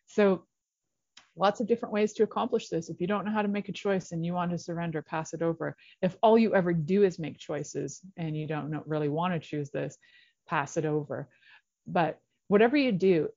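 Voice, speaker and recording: Woman host, middle-aged, lowish voice, chatty and encouraging, dry slightly dull recording. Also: normal speed, a little mellow, dry recording. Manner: chatty and encouraging, playful asides. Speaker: radio show host. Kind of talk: casual solo talk show monologue.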